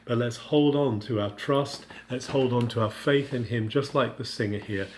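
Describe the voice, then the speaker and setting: A man at a medium pitch gives a devotional teaching on scripture. He speaks earnestly and unscripted, often stopping and restarting his sentences, and voices the psalmist's plea in the first person. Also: a little hiss or hum. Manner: unscripted, with frequent halting restarts. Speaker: Bible teacher.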